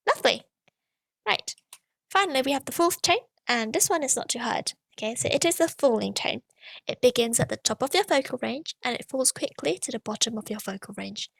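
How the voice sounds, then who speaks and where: A woman's voice: a little high, expressive, fairly quick, vocal fry, a bit bright, husky, dry recording. A woman teaching a pronunciation lesson, patiently demonstrating tones with sung syllables and checking in with frequent "okay"s. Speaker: language teacher.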